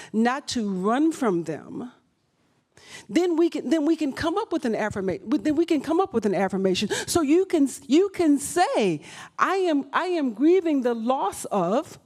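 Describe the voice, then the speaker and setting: A woman's voice: high-pitched, darkish tone. A woman leading a live writing workshop, talking emphatically and often repeating and restarting her phrases. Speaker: workshop leader. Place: event room.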